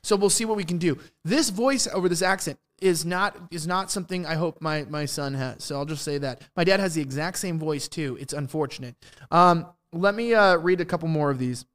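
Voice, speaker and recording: Casual American host with a Valley accent and a high voice; loose and rambling. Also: male voice, brisk, a bit bright. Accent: Southern California Valley. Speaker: show host. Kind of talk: casual live debate moderation.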